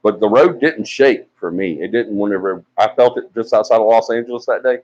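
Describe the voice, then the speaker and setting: A man's voice: on the low side, a little fast, dull audio. A man telling a story casually on a live stream, full of fillers and acted-out quotes. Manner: animated storyteller, acts out quoted voices, many fillers. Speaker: paranormal investigation team member on a live stream.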